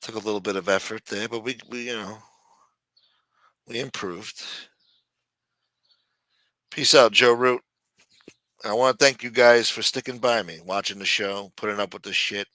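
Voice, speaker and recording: A man's voice: fairly low pitch, pushed and bright, no room sound. A man hosting a livestream, telling stories in a rambling, profane, casual way. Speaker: livestream host.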